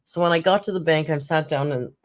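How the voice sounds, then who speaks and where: Here a low-voiced woman, a fast talker, hosts a casual live-stream chat as a YouTube commentary host. Chatty anecdotes, plenty of laughter, and acted-out quotes from others fill her talk.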